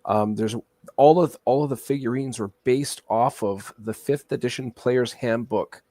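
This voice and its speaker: A man's voice: mid-range voice, a little slow, mellow, dry recording. A male guest telling rambling stories in casual chat, with frequent hesitant fillers.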